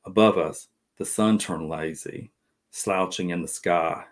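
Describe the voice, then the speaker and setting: Deep-voiced man reading lyrically. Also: measured pace. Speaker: author. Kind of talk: reading from his novel.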